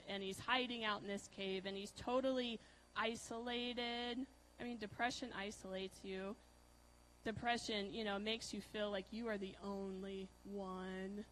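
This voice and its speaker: A woman preaching a conversational sermon, asking her listeners questions and using many fillers. She swings between loud emphasis and soft, hushed lines. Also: a little high, slight background noise, rough recording. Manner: chatty, asks the audience questions, many fillers.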